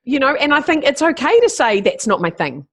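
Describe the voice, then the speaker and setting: A woman's voice: sits high, very animated, fairly quick, a bit bright. A middle-aged woman, talking animatedly and swearing freely as a guest over a call. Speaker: podcast guest, keynote speaker. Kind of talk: casual conversation. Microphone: remote call.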